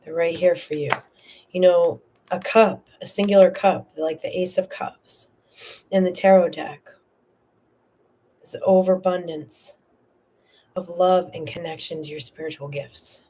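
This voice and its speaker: A woman's voice: fairly low pitch, steady tone, a little slow, pauses often, mellow, slightly rough. A woman hosting a live tarot reading, talking earnestly and emotionally to a viewer in a soothing, reassuring way. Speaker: tarot reader and host.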